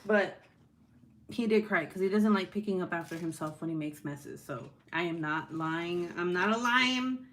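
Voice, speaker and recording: A woman's voice: fairly low pitch, normal speed, fairly bright tone. A young woman and mother talking casually to her viewers at home, blunt and profane, laughing often and breaking off to deal with her kids. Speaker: vlogger and mother. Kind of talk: casual talking-to-camera vlog. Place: at home, with children nearby.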